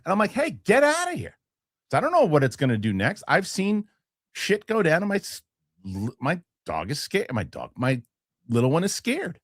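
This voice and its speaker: Male host in his forties, animated, heated storyteller, swears freely, slightly high voice, dry close sound. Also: slightly rough, dry recording. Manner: heated, animated, swears, acts out quoted people. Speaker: show host. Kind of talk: casual storytelling rant.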